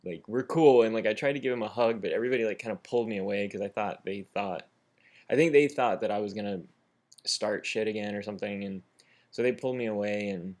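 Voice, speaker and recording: A man's voice: lowish voice, fast. A young American man filming himself, telling a story in a loose, rambling way full of fillers and acted-out quotes. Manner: rambling, animated retelling with many fillers. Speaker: vlogger. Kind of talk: casual storytelling. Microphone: camera mic, self-filmed.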